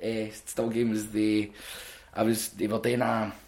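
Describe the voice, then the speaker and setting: A man's voice: fairly low pitch, level tone, unhurried, darkish tone. A Scottish man, a wrestling promoter, chatting casually on a podcast, swearing freely and stumbling over restarts as he spins anecdotes.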